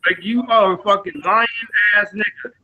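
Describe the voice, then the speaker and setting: Confrontational man from Boston with a high, very sharp voice, dull lo-fi line with faint noise. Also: steady tone, normal speed. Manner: confrontational, threatening, heavy cursing. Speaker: podcast guest. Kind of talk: heated argument.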